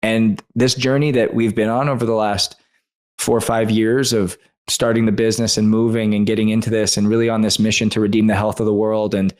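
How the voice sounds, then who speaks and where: Earnest low-voiced man telling a story. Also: flat delivery, darkish tone. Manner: earnest, emotional storytelling with quick asides. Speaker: guest author. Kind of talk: personal storytelling in a podcast interview.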